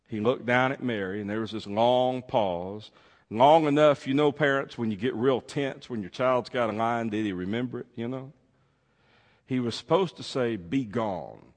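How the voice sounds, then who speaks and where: A man telling a heartfelt true story, expressive, swinging between loud and hushed. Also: medium pitch, moderate pace. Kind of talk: emotional storytelling. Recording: long hall reverb.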